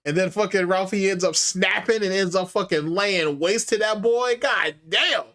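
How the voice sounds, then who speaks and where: A man's voice: high voice, moderate pace, sharp tone. A man giving casual, profane commentary as host, mocking and taunting with frequent laughter.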